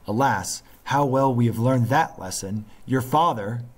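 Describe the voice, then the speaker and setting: A man's voice: mid-range voice, measured pace, natural voice. A man reading aloud, voicing a worried, protective island mother from a storybook who scolds her son. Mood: hushed.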